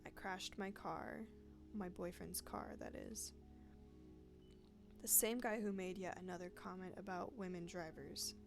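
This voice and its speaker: A bitter female sub-editor with a grudge, cold and pedantic as she lays out her accusation, as a woman reads her lines. The voice has a gravelly fry at its edges. Game music plays clearly underneath. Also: lowish voice, steady tone, a little slow.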